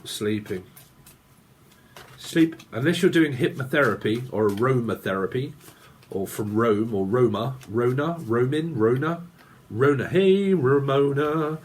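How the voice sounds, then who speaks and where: A man's voice: medium pitch, expressive, measured pace, husky. A man giving a rambling tarot reading, free-associating aloud, muttering strings of names and chuckling to himself. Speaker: tarot reader.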